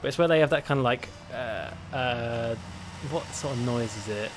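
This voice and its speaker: A man's voice: mid-range voice, normal speed, noisy background. Chatty man streaming a game. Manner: chatty, rambling, laughs easily. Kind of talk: casual chat while playing a game.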